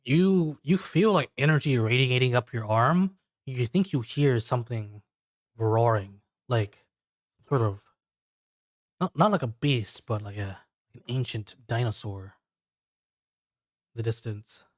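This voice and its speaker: A man's voice: mid-range voice, expressive, no room sound, studio quality. Man narrating as game master. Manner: descriptive, halting with fillers.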